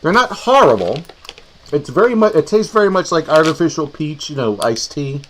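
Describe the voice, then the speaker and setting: A man co-hosts a movie show in a loose, joking way, rambling and trailing off mid-sentence. His pitch rises and falls a lot as he talks. Faint noise sits under his voice. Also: big pitch swings, normal speed, rough recording. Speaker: horror movie show co-host. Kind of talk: casual chat with snacks.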